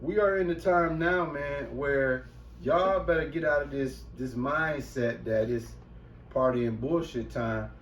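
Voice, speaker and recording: A man's voice: mid-range voice, unhurried, highs cut off, slight background noise. Slangy preaching man, distant roomy mic. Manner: loose, profane, slangy, preachy. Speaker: host. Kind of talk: street talk commentary with scripture.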